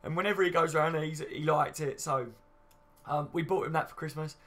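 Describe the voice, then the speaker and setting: Hosting a laid-back fan livestream, this late-20s man is chatty and matey, reading viewer comments aloud, cursing casually, and often saying "you know what I mean." He speaks a little fast in a voice on the high side, steady in tone and a bit bright.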